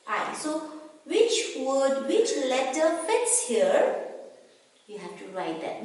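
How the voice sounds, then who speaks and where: Slow, high-voiced teacher in an echoey room. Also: female voice, distant mic, a little hiss or hum. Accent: Indian English. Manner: slow, spelling letters out and stressing each vowel, asking questions to children. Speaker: kindergarten teacher. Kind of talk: recorded phonics lesson for young children. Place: classroom or school room.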